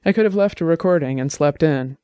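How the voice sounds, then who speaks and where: A man reading the lines of a weary, wry investigator with a rasp in his voice. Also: on the high side, a little fast, dark tone, dry recording, lightly acted. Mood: dry. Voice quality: raspy.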